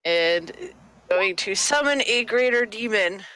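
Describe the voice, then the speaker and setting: A man playing a tabletop game, easygoing and slow, laughing often. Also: high voice, expressive, sharp tone, smooth, no echo, low-quality recording. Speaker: player. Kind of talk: casual tabletop play.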